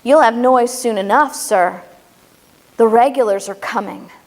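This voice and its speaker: A woman's voice: fairly high pitch, a little slow. A woman doing a grave, defiant colonial rider. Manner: firm, grave warning. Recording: echoey hall reverb.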